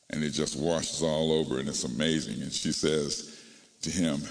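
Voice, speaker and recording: A man's voice: extremely low pitch, steady tone, normal speed, vocal fry. A male pastor preaching a sermon, calling out to his congregation and breaking into song. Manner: call-and-response preaching, rising to singing and shouting. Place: church sanctuary. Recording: long reverb of a large hall.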